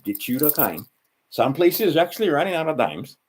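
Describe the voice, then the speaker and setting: This channel host's voice sits on the high side, sing-song and fairly quick, a little mellow and slightly rough. He's a man with a Hawaiian Pidgin accent who rambles solo, correcting himself along the way and turning to the listener with asides.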